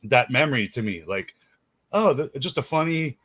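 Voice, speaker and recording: A man's voice: medium pitch, lively intonation, normal speed, a bit bright, no room sound. Upbeat Canadian man hosting a livestream. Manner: upbeat, reads out chat names. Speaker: host. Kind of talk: casual livestream chat.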